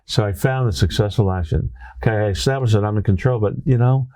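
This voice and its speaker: A man's voice: on the low side, fast talker, no echo. A man with a Brooklyn accent, a former teacher telling a classroom story as an interview guest, often checking in with "right?". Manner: animated storyteller, tag questions like "right?". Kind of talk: anecdotal storytelling in conversation.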